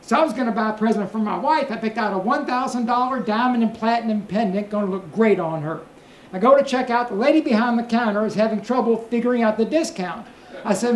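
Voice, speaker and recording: A man's voice: high voice, quick pace, slight background noise. A male stand-up comedian working a cruise ship show lounge, spinning stories with mock-earnest asides. His voice carries through an echoey room. A faint murmur of ambience hangs behind him. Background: audience laughter.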